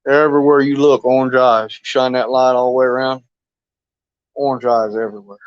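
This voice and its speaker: A man's voice: medium pitch, level tone, brisk, clean tone, no room sound. Folksy rambling man on a lo-fi stream. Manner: rambling, folksy, chuckles often. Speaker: fishing live stream host. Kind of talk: casual live stream chat.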